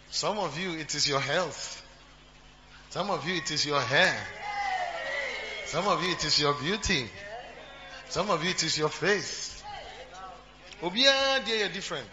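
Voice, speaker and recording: Male pastor, sermon, chatty and repetitive; higher voice, dull humming recording. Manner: repetitive, talks to the congregation, jokes and asks questions. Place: church.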